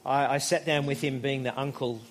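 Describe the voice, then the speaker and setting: A man's voice: mid-range voice, fairly even intonation, a little hiss or hum. Conversational male pastor preaching. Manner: conversational, storytelling, with emphatic pauses. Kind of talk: sermon.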